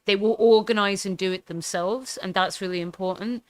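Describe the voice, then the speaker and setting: A woman chats casually while reacting to a film, rambling through fillers and restarts and swearing now and then. Her voice is smooth and clear, at a middling pitch for a woman. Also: steady tone, normal speed, no room sound. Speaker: political commentary streamer.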